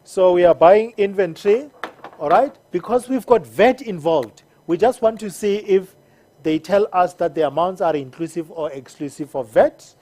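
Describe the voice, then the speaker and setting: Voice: medium pitch, animated, moderate pace, dark tone. An accounting teacher giving a recorded lesson, patiently repeating each step and checking in with the learners. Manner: patient, repeats steps and checks in with "all right?".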